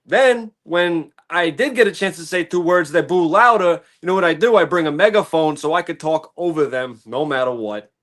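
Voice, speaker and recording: A male wrestler guests on a podcast and talks with brash, cocky swagger. His voice is high for a man, and his tone stays playful even when he boasts. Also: normal speed. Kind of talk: casual podcast chat.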